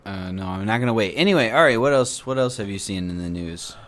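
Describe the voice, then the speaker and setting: Brief: male podcast host, low voice, jokey and rambling, stumbles and restarts a lot. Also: animated, quick pace, a bit bright. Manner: joking, rambling, frequent restarts. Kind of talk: casual podcast chat.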